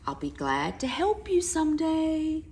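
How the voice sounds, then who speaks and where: A tiny storybook mouse, squeaky and high, who begs and chirps her lines, as a woman reading aloud puts her on. The voice sits far above a normal speaking voice and has a gravelly edge. The delivery is slow and drawn out. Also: wildly swooping pitch, darkish tone, exaggerated voice. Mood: eager. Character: tiny pleading female mouse.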